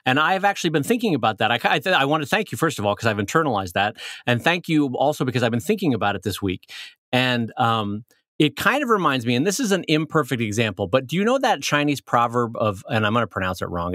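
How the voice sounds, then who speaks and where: Lively, bright-voiced male podcast host. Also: medium pitch, quick pace, no echo, studio quality. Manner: animated storyteller who acts out voices. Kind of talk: casual chat.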